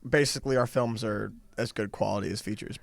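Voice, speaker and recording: A man's voice: on the low side, brisk, creaky, no room sound. A young man co-hosting a podcast in casual chat. He talks in long, run-on asides and laughs easily. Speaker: podcast co-host.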